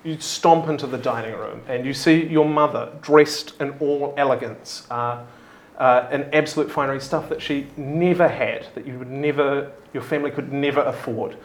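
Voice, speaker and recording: A man narrating a tabletop game as game master, halting with many fillers. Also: medium pitch, reverberant.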